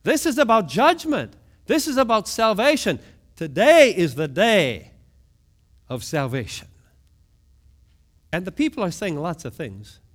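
A man preaching a sermon, moving between hushed low lines and sudden raised outbursts, often asking his listeners questions. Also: big pitch swings, measured pace, long pauses. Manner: asks the congregation questions. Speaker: pastor.

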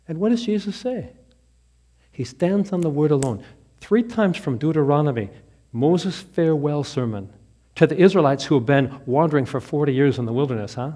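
Preacher, male, lively storytelling, pitched a bit high. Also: normal speed. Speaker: Lutheran pastor. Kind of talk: sermon with joke storytelling.

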